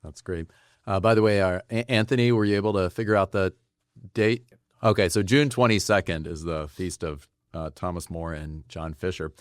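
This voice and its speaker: Very deep-voiced man host, dry sound. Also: normal speed, dry recording. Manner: curious, thinking aloud. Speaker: podcast host. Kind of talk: casual interview chat.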